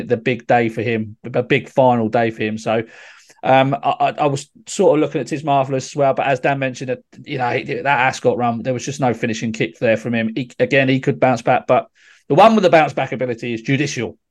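A man's voice: medium pitch, fairly even intonation, fairly quick. Hesitant man giving racing tips. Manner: hesitant, full of ums and restarts. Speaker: racing tipster. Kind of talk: casual racing tips chat.

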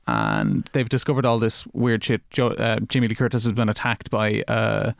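A man's voice: on the low side, animated, normal speed, vocal fry, no room sound, studio quality. A man co-hosting a podcast, talking casually about films in a rambling way with many restarts. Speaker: podcast co-host. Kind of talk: casual film discussion.

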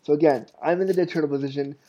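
Male podcast host, thirties, candid rambling storyteller, slightly high voice, dull lo-fi audio. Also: steady tone, rapid-fire, dark tone. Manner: candid, self-deprecating, rambling with restarts. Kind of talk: casual storytelling.

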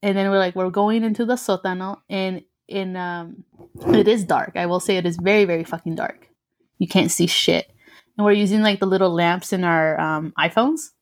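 A woman's voice: on the low side, steady tone, moderate pace. Young woman telling a story. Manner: mixes English and Spanish, swears freely, laughs often. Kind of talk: casual chat.

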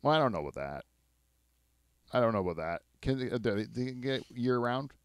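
A man hosting a podcast in casual, rambling chat, self-mocking and quick to laugh. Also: medium pitch, sing-song. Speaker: podcast host.

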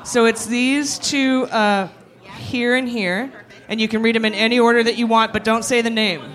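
A man's voice: very high-pitched, steady tone, moderate pace, a bit bright. A man hosting a live comedy show on stage, running a quiz game with playful, laughing banter. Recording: live club audience behind.

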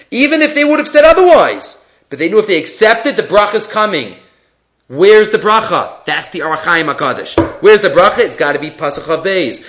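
Animated man teaching a Torah class. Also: high voice. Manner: animated, storytelling, sing-song emphasis. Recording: dull lo-fi recording.

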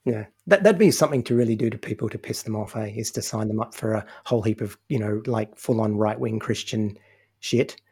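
A man co-hosting a podcast in casual chat, joking and animated. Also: lowish voice, a little fast, vocal fry, slightly rough. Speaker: podcast co-host.

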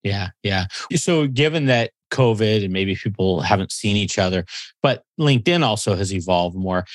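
A man hosting a podcast interview, asking measured, thoughtful questions. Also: on the low side, animated, no room sound. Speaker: podcast host.

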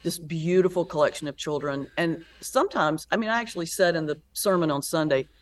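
A woman pastor and comedian, a guest in an interview, telling stories in a lively, animated way. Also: low voice, fairly quick. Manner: animated storyteller, lively retelling with laughs. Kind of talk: conversational interview.

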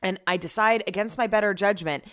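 A woman's voice: medium pitch, a little fast, a bit bright, clean tone. A young woman hosting a casual solo podcast from home, rambling and chatty with lots of fillers and restarts. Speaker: podcast host. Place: home, upstairs room.

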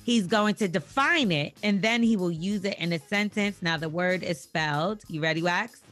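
A woman's voice: fairly low pitch, normal speed, fairly bright tone, faint music behind. A woman hosting a podcast in casual banter, teasing her co-host as she runs the segment.

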